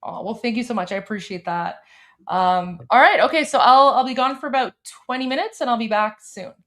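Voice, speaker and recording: Female livestream host, soft-spoken, hedging, filler-heavy chatter. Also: a little high, a little fast. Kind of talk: casual livestream chat.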